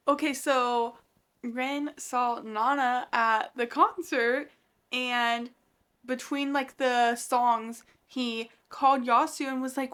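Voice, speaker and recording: Bright gushing young woman vlogger. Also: high-pitched, slow pace. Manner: gushing, animated reactions to a manga. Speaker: book vlogger. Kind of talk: casual reading vlog.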